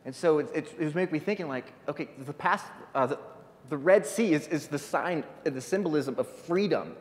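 A guest speaker delivers an informal sermon off the cuff, stumbling often, repeating words and restarting. His voice is fairly high and brisk, and the recording carries a long hall reverb.

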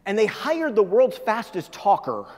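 A middle-aged man preaching a sermon as a pastor, talking fast and emphatic, often repeating phrases. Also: sits high, huge pitch swings, a little mellow, big-room sound.

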